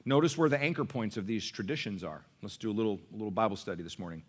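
A middle-aged man preaching a sermon to a congregation as their pastor. He calls for responses from the room and swings between quiet asides and loud, raised declarations. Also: lowish voice, animated, rapid-fire. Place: church service.

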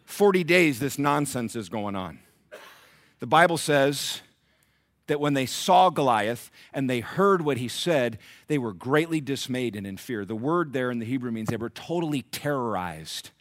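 A man preaching a sermon, telling a story with lively acted-out voices. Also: mid-range voice, moderate pace, dry recording, studio quality. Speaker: pastor.

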